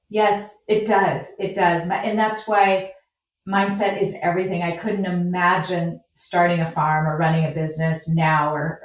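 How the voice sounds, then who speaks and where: A woman, a flower farmer and business coach, guest on a podcast, talking in an upbeat and encouraging way. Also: on the low side. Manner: upbeat, encouraging, acts out quoted voices. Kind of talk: podcast interview conversation. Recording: echoey, distant remote audio.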